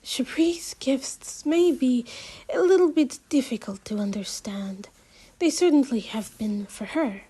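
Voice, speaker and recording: A woman voicing a mysterious older female psychic teacher in a storybook reading, speaking in a hushed, cryptic way that slips into whispers. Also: high-pitched, expressive, a little slow, slightly rough, heavily acted.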